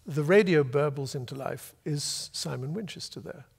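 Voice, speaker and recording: An older man from Britain, an author telling a long, lively anecdote to a festival audience and acting out the voices he quotes. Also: a little high, normal speed, gravelly, husky, long reverb tail. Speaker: author guest. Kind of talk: storytelling at a festival talk. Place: festival venue before an audience.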